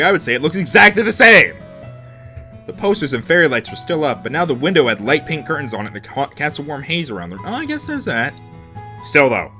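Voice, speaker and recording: A man's voice: mid-range voice, fairly bright tone. A man reading a visual novel aloud as host, dropping sarcastic asides between the lines of narration. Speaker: let's play host.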